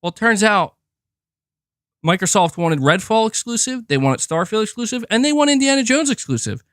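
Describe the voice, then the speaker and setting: Young male streamer, profane and exasperated, high-pitched and very animated, recorded dry. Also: normal speed, no room sound. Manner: profane, exasperated ranting with many repeats. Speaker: gaming commentary streamer. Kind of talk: ranting livestream commentary.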